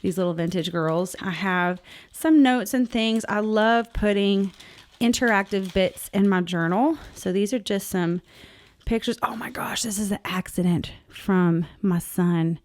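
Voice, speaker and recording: A middle-aged woman chatting casually and warmly as she flips through her art journal, rambling and heartfelt. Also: mid-range voice, measured pace. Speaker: journaling artist, channel host.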